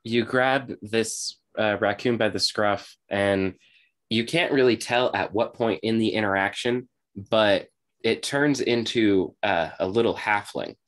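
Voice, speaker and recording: A man narrating as game master, relaxed and halting with many fillers. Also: lowish voice.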